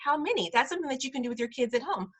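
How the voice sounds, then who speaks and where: A woman who runs a preschool, teaching parents over a video call, slowly modeling sounds and repeating each word. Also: high-pitched, expressive, a bit bright, breathy edge. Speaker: preschool director teaching a parent Spanish class. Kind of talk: online class instruction.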